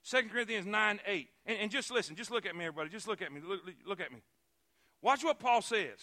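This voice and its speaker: A man preaching a sermon in a church, fervent and repetitive, building to shouts. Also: high voice, lively intonation, quick pace.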